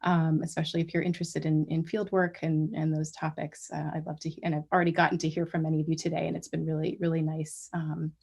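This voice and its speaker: Woman lecturing, low-pitched, halting. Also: level tone, vocal fry, darkish tone, slightly rough. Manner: measured, many ums and restarts. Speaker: guest lecturer. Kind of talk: academic colloquium talk.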